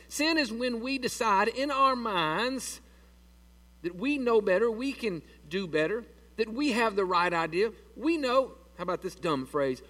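A man's voice: sits high, very animated, measured pace, a bit bright, recorded from a distance. A man preaching a sermon in a church in a folksy, conversational way and asking the congregation questions. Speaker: pastor.

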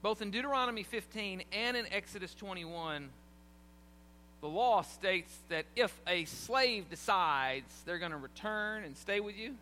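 A pastor with a high, bright voice delivers his sermon like a conversation, tossing questions out to the congregation. His voice rings with a long hall reverb, and a faint hum sits underneath. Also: unhurried.

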